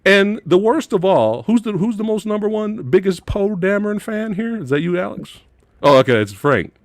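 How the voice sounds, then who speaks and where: A man co-hosting a casual movie review chat, ranting with animated delivery and mocking impressions. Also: high voice, normal speed, no echo. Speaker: podcast co-host.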